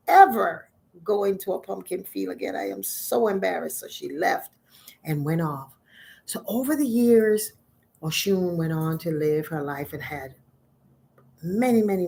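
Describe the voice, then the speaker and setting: A middle-aged woman, a spiritual teacher, telling a folk myth in a conversational, expressive way. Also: on the low side.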